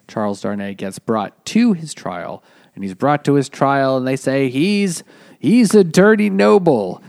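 Male podcast co-host, rambling book recap, average pitch, laid-back drinking-show chat. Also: no echo, studio quality. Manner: rambling plot recap with many fillers. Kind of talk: casual book-club chat over beers.

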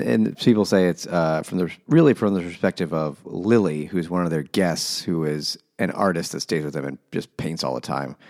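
A man's voice: sits low, a little mellow. A man co-hosting a casual, joking book discussion, swearing and laughing as he talks.

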